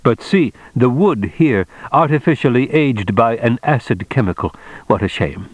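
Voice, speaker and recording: Guy doing a formal polite envoy man, higher than his normal voice, slow and careful, dry audiobook sound. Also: expressive, no room sound, natural voice, poor audio. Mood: regretful. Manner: courteous, measured, stiffly formal speech. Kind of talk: audiobook character reading.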